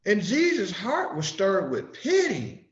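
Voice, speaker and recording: Male Sunday school preacher, slow and emphatic, lively swinging pitch, roomy muffled recording. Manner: slow, emphatic preaching with sudden rises and soft drops. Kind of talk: sermon-style scripture teaching.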